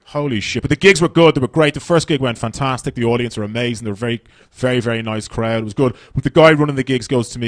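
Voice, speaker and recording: A man's voice: mid-range voice, quick pace, few pauses, dry recording, clean studio sound. An Irish man doing stand-up comedy on a festival stage, brash and profane, rambling through his stories.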